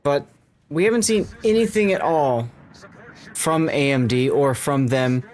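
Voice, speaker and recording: A man's voice: on the high side, a little slow, a little mellow. A man casting a game tournament in casual livestream chat, easygoing and rambling, with a scratchy voice. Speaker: tournament caster.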